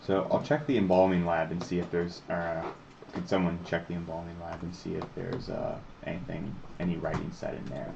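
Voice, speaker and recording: A man playing a tabletop role-playing game, thinking out loud in a hesitant, casual way. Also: low-pitched, little pitch movement, fairly quick, vocal fry, highs cut off, heavy background noise. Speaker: player.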